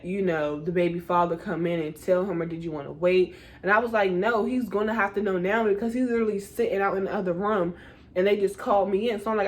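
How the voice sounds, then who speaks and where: A woman's voice: medium pitch, fairly bright tone. A woman in her twenties telling a casual storytime to her viewers, acting out her own panic in quotes and calling them y'all. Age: 20s. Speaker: vlogger. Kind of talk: storytime vlog.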